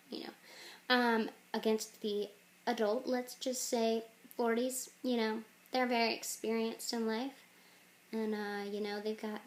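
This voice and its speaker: A woman casually pitching a game idea, rambling with jokey asides. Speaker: channel host.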